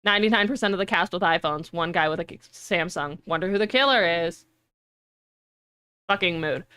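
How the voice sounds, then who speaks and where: Bright-voiced young woman streamer. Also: lowish voice, normal speed, clean tone. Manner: animated, rambling and profane. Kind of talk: casual stream chat.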